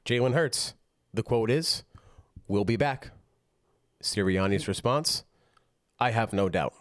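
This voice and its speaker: A man with a fairly low voice leads a casual sports podcast, moving the chat along and reading out news points. The sound is dry and close, with little room to it. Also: takes it slowly, dry recording.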